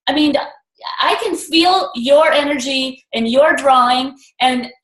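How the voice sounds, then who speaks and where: A woman's voice: sits high, fairly even intonation, takes it slowly, a bit bright, echoey room, poor audio. A woman leading a network marketing group on a video call, talking earnestly in a rambling, motivational way and repeating affirmations with emphasis.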